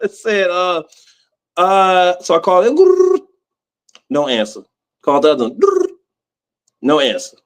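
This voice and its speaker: American guy as a podcast guest, tells stories in a lively casual way, slightly high voice. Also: unhurried, long pauses. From United States. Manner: animated, acts out the people in his story. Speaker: guest, music executive. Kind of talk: casual storytelling.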